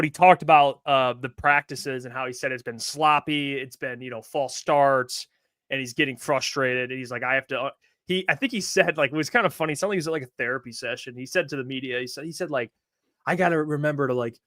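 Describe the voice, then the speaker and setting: A man's voice: mid-range voice, fairly quick, sharp tone, dry recording, studio quality. A man co-hosting a sports podcast, chatting loosely and laughing often. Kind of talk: casual sports chat.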